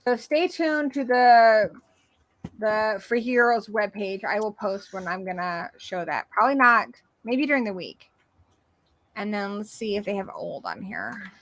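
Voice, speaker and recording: A woman's voice: mid-range voice, expressive, measured pace, fairly bright tone, no room sound. A woman co-hosting a casual horror movie livestream, chatting at length about film history in a rambling, enthusiastic way. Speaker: podcast co-host.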